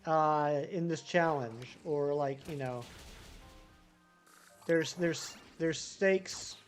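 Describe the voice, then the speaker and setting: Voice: mid-range voice, drawn-out words, soft background music. A live-streaming gamer chatting casually with viewers, rambling and answering the chat while playing.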